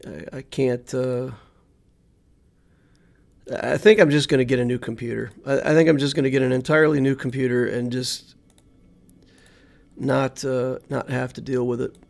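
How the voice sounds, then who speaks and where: A man's voice: medium pitch, fairly even intonation, moderate pace, gravelly, long pauses, darkish tone. A man streaming a video game, commenting live and thinking aloud as he plays, often muttering to himself.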